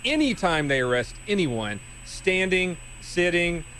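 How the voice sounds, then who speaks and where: A man with a slightly high, very lively voice comments casually on a video. He is blunt and sarcastic, with a faint hiss of noise behind him. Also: a little slow. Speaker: co-host reacting to police footage.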